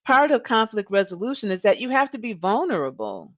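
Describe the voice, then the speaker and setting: A woman's voice: mid-range voice, very animated, a little fast, highs cut off. A woman coach hosting a live-streamed coaching talk, earnest, often repeating words and saying "you know". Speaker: leadership coach and host.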